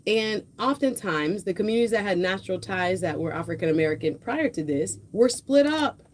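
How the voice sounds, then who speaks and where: A woman's voice: mid-range voice, lively intonation, a little fast, darkish tone, a little hiss or hum. A woman hosting a live political talk stream, speaking in a passionate, conversational way and addressing viewers directly. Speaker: host of a political livestream. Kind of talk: casual live political commentary. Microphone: headphones with a mic, home streaming setup.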